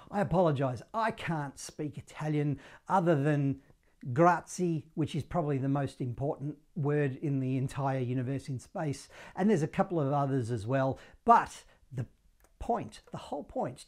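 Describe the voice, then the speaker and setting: Jokey Australian sax teacher, man. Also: fairly high pitch. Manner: jokey, animated, self-deprecating. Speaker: saxophone teacher. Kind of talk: upbeat online music lesson.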